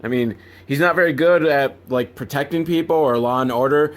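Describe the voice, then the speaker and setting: A man hosting a podcast, recapping a film with weary sarcasm. He rambles from one complaint to the next and sounds fed up with what he is watching. His voice sits at an ordinary pitch for a man. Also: fairly quick. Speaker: podcast host.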